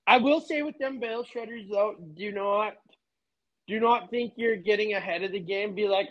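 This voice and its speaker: A man's voice: high-pitched, normal speed, lo-fi sound. A man telling a work story in casual chat, laid-back, swearing freely. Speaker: podcast guest.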